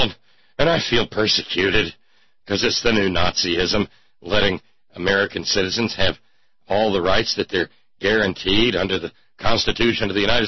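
A man hosting talk radio, giving mocking, sarcastic commentary and breaking into sudden high-pitched exclamations. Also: fairly even intonation, normal speed, husky, no echo, lo-fi sound. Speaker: radio host.

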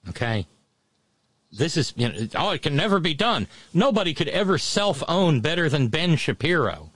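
A man's voice: on the high side, big pitch swings, moderate pace, fairly bright tone, husky, dry recording. Wry storytelling man, dry close sound. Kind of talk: casual political chat.

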